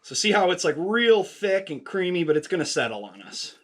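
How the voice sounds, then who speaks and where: A man's voice: high-pitched, big pitch swings, brisk. Chatty man making cocktails at home. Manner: chatty, jokey, offhand with fillers. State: slightly out of breath. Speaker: home cocktail video host. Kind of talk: casual how-to vlog.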